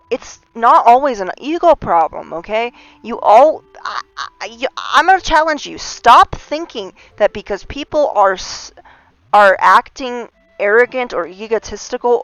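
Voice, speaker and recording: A woman's voice: a little high, a bit bright, no echo. A woman hosting a livestream, talking in an earnest, impassioned monologue full of restarts and rising emphasis. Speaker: livestream host. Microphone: streaming mic. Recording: slightly dull lo-fi stream audio.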